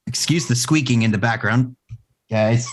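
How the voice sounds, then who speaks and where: A man's voice: medium pitch, normal speed, a crowd in the background. A man hosting a podcast in casual chat, rambling and joking with frequent fillers and restarts. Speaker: podcast host.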